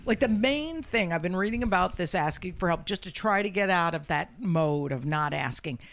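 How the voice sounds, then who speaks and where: A woman's voice: on the low side, expressive, normal speed, fairly bright tone. A woman in her fifties, a comedian hosting a podcast, telling stories in a brash, profane, self-deprecating way. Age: 50s. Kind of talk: casual podcast chat.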